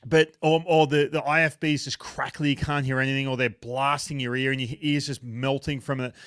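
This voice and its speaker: A man's voice: medium pitch, level tone, brisk, a bit bright, clear, resonant tone, no room sound, clean studio sound. A man in his thirties with an Australian accent, chatting casually and self-deprecatingly in an interview. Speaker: retired pitcher, baseball analyst. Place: home basement.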